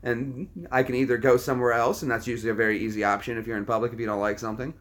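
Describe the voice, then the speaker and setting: Calm lecturing male livestream host. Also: medium pitch, racing. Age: adult, military background. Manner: calm, lecturing, dismissive of trolls. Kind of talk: casual live-stream chat.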